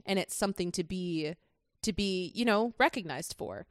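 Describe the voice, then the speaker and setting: A woman's voice: medium pitch, moderate pace, fairly bright tone, no room sound, studio quality. A woman co-hosting a podcast, chatting casually about a film with enthusiasm and lots of fillers. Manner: enthusiastic, rambling with many fillers. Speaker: podcast co-host.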